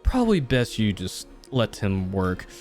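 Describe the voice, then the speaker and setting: A man's voice: fairly low pitch, huge pitch swings, unhurried, darkish tone, soft background music. A young man running a tabletop game as game master, talking casually with many fillers and restarts.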